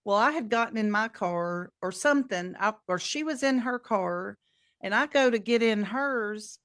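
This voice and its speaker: A middle-aged woman co-hosts a podcast, chatting casually and telling stories while acting out the quotes with animation. Her voice is medium-pitched at a normal speed, recorded in clean studio sound with no room echo.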